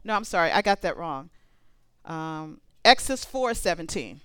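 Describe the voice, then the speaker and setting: A woman preaching a sermon, conversational and animated, reading scripture aloud between comments. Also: lowish voice, normal speed, smooth, no echo.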